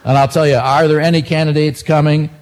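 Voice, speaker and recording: A man's voice: on the high side, little pitch movement, brisk, darkish tone, slight background noise. A man doing a stand-up monologue of joke news headlines, dry and self-mocking between the punchlines. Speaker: comedian.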